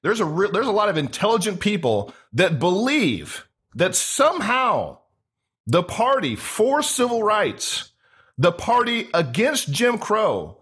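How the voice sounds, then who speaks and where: A male host with a high, lively voice that swings up and down as he builds his case with indignation. His tone is husky. He stacks phrases rhetorically as he talks. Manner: animated, indignant rhetorical delivery. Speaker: show host. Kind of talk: political interview.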